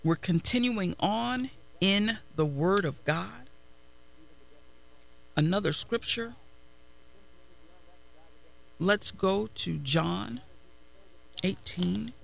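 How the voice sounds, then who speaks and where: A man preaching a sermon, slow and emphatic, repeating phrases and adding prayerful asides. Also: high-pitched, expressive, creaky. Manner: prayerful asides while searching the text.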